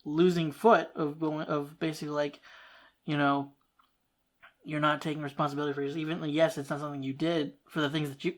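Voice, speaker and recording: A reaction-video host chatting loosely about a TV episode. The talk wanders and restarts itself, broken up by short laughs, in a middling voice that is neither high nor low. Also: little pitch movement, a little fast. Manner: rambling, restarts thoughts, laughs often. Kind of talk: casual reaction commentary.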